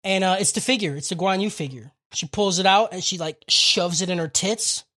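A man's voice: high-pitched, pushed and bright. A young man casually recapping an anime episode on a podcast, swearing freely and laughing often. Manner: profane, fast storytelling, laughs often. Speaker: podcast co-host.

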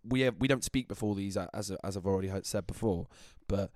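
A man's voice: low-pitched, quick pace, darkish tone, dry recording, clean studio sound. A young man co-hosting a podcast in casual chat, hungover, rambling and laughing as he corrects himself. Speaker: podcast co-host. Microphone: handheld mic.

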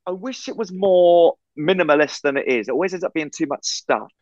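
A man from England, co-hosting a podcast, telling a story in a casual, animated way over a video call. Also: fairly high pitch, fairly quick, dry recording, highs cut off. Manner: animated storyteller, acts out quoted voices. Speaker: podcast co-host.

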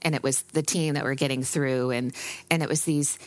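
A woman's voice: very deep voice, steady tone, normal speed, dry recording. A woman podcast host being interviewed, telling a personal story with many fillers and restarts, and growing emotional.

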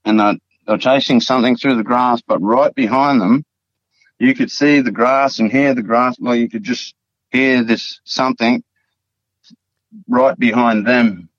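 His mid-range voice runs a little slow with fairly even intonation. He's an Australian from the Northern Territory telling a story on a podcast, casual and profane, repeating words and filling gaps. The dull, dry lo-fi audio has no room sound.

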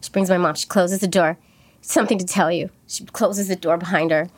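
A woman's voice: on the low side, fairly even intonation, brisk, breathy edge, dry recording. Woman, casual storytelling, rambling, lots of fillers and restarts, dry close mic. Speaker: guest telling a story.

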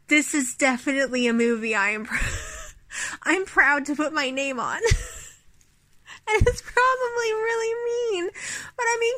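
A woman's voice: high-pitched, bright, forceful tone, no echo. A woman giving a casual, incredulous and laughing spoken review of a film. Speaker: listener sending a recorded review.

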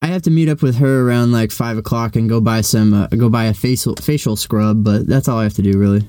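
Rambling young man, mellow dry voice. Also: mid-range voice, quick pace, clean tone, no room sound. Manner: rambling, swears freely, restarts a lot. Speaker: podcast co-host. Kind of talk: casual chat.

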